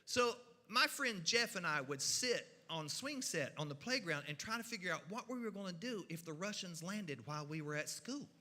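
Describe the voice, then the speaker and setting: A man, telling humorous stories at a church event in a folksy, animated way. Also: high-pitched, in a large hall. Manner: folksy, animated, with drawn-out pauses. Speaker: storyteller. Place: church hall.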